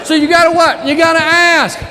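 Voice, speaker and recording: A very high-pitched man talks briskly with fairly even intonation and a pushed, bright quality. He's giving a lively motivational sales keynote, joking and questioning the crowd, recorded in a reverberant, large conference hall where the audience laughs and murmurs.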